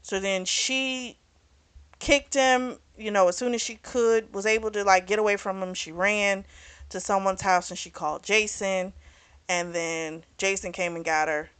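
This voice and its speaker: A woman's voice: mid-range voice, fairly even intonation, measured pace, fairly bright tone, smooth, no echo. A woman casually recapping a novel's plot as a book reviewer, chatty, with fillers and restarts.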